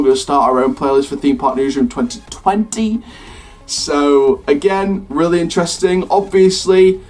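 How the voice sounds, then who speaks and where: A man with a slightly raised voice hosts a theme park news video, talking eagerly and rambling through his thoughts with lots of ums and restarts. Quiet music plays faintly behind him. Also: fairly high pitch. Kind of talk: excited casual chat to camera.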